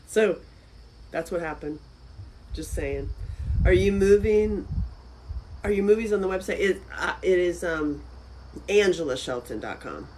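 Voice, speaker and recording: A woman hosting a live stream from a friend's house, chatting casually with viewers, with loud exclamations and soft asides. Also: lowish voice, expressive, measured pace, pauses often, a little hiss or hum, rough recording.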